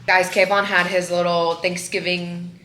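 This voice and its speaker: A woman's voice: on the low side, level tone, a little slow, sharp tone. Woman in her 20s chatting at home to the camera, easygoing, says like a lot, bit of background hiss. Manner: chatty, lots of "like", talks to viewers as "guys". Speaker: vlogger. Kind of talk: casual vlog chat.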